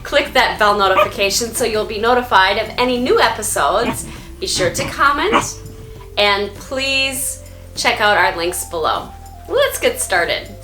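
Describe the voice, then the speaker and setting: A woman hosts a casual home vlog in an upbeat, chatty way. Her voice is bright and lively, rising and falling a lot. It sounds echoey, with faint music underneath. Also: mid-range voice. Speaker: vlog host and dog owner. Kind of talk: casual vlog narration to camera.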